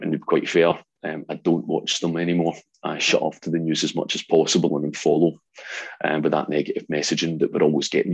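A Glaswegian Scottish man in his forties, very low-pitched and gravelly with a husky edge. He tells his stories with energy and acts out what people said, dropping in lots of ums. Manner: animated storyteller, acts out quotes, frequent ums. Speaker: guest, ex-soldier. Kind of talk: storytelling in an interview.

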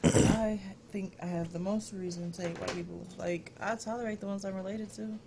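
A woman's voice: medium pitch, fairly even intonation, normal speed, creaky, background noise. A young woman, speaking bluntly in a casual podcast chat. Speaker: podcast co-host.

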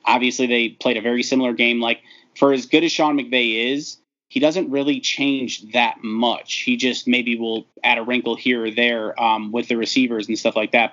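A man talks football in an easygoing, rambling way, padding his points with ums. His voice sits at an ordinary pitch. The recording is muffled and lo-fi. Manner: relaxed, rambling, many ums. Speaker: sports podcast co-host. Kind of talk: casual sports chat. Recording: dull lo-fi audio.

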